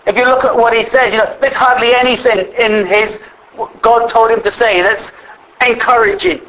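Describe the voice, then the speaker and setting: Impassioned high-voiced male preacher. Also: steady tone, normal speed, slight background noise, poor audio. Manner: impassioned, rises to shouts; addresses congregation as brethren. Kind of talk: sermon.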